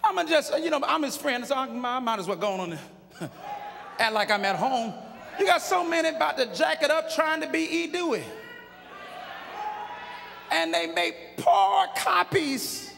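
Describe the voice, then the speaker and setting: A man preaching a sermon in a church, shouting emphatically and joking in plain colloquial speech. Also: very high-pitched, sing-song, moderate pace, gravelly, a little hiss or hum. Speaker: pastor. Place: large church sanctuary with a congregation. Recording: live church sermon with long hall reverb.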